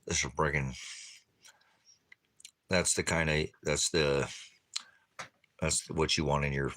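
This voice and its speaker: A man's voice: very deep voice, fairly even intonation, slow, a bit bright. A man chatting casually in the desert for an outdoor cooking vlog, talking with his mouth full between bites. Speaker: vlogger.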